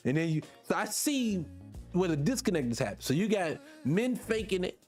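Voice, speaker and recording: A man's voice: sits high, big pitch swings, a little fast, a little mellow, faint music behind. Blunt, slangy man lecturing listeners. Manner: blunt, preachy, slangy, addresses listeners directly. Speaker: podcast host. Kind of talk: casual commentary monologue.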